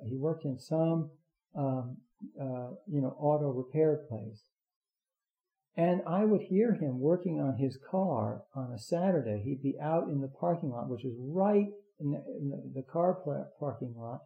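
A man giving a rambling Zen talk, halting often with fillers and restarts. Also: a little high. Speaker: Zen teacher. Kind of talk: dharma talk. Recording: roomy, dull lo-fi recording.

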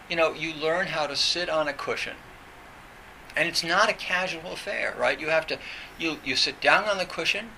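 A man gives an informal Zen dharma talk, his voice very bright and cutting with a slightly high pitch. He meanders through his story, restarting phrases and filling gaps with "you know". Faint noise hums underneath. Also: rough recording.

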